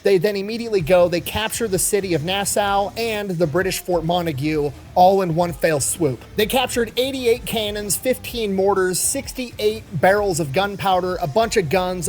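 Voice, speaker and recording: A man's voice: high voice, a little hiss or hum. A man telling a story in a brash, profane, punchy way. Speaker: history storyteller. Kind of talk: irreverent storytelling.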